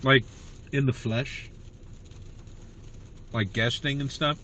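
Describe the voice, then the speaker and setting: A man's voice: mid-range voice, fairly even intonation, slow pace, pushed and bright. A man hosting a comedy livestream, chatting in a rambling way to viewers about his school days. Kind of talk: casual livestream chat.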